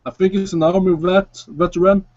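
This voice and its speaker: A man's voice: high-pitched, fairly even intonation, normal speed, darkish tone, voice pushed up. A man voicing a brash, slangy male gun dealer with a streetwise, casual manner. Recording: dry, dull lo-fi sound.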